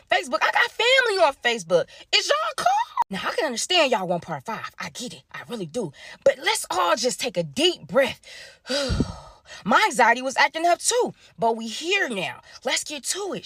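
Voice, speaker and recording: A young woman from Dallas telling a casual story time, animated and slangy, acting out her friends' lines. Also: a little high, breathy edge, no echo, clean studio sound. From Dallas, Texas.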